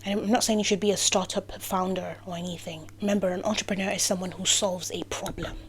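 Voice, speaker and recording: A woman putting on her grandmother's voice, a doting older woman who calls the listener darling, talking low and hushed. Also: fairly even intonation, quick pace, crowd noise, natural voice. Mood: indulgent.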